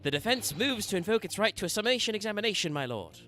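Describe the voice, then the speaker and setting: A man voicing a determined young defense lawyer in a video game, speaking earnestly and slowly. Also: high-pitched, sing-song, bright, forceful tone, faint music behind, voice pushed up, full character voice.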